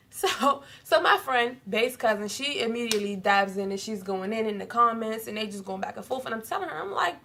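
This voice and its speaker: Young woman, casual storytime vlog, lively and profane, pitched a bit high. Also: slight background noise. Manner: animated, profane, quick to laugh. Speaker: vlogger.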